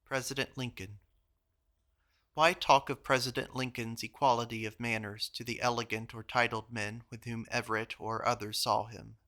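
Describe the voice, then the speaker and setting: A man reading old journal entries aloud in a measured, even manner. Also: medium pitch. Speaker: reader of journals. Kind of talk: audiobook reading.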